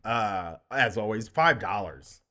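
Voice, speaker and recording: A man's voice: on the low side, expressive, slow pace, sharp tone. A man co-hosting a comedy podcast, telling rambling stories with frequent swearing and laughter. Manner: rambling storyteller, swears often, laughs a lot. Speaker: podcast co-host. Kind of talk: casual comedic chat.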